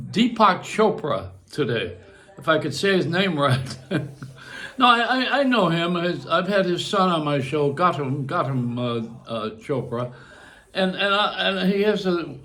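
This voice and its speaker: A man's voice: on the high side, fairly bright tone. An older man hosting a show, rambling through a casual monologue, joking and laughing at himself. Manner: chatty, self-mocking, laughs at his own jokes. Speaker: radio and broadcast host.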